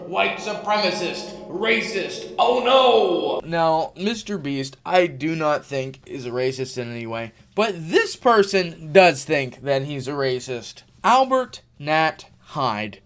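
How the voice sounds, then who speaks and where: A man's voice: fairly high pitch, big pitch swings, slow, few pauses. A man giving casual commentary on online drama, chatty and full of sarcastic asides and fillers. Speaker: YouTube commentator.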